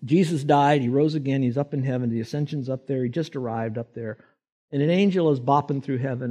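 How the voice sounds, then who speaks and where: A man's voice: mid-range voice, brisk, dark tone. Folksy, emphatic male preacher. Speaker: pastor. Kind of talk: sermon.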